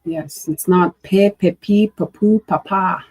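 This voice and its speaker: A woman teaching a language lesson, slowly sounding out syllables and words in casual drills. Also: on the low side, fairly even intonation, darkish tone, husky, poor audio. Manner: slow, drawn-out syllable drills.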